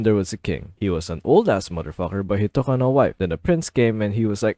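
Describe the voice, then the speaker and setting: Dude retelling a myth as a joke, swears a lot, deadpan asides, dry mic. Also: male voice, on the low side, fairly quick, few pauses, no echo. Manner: profane, deadpan asides, silly put-on voices. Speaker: comedic storyteller. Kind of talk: irreverent comedic retelling.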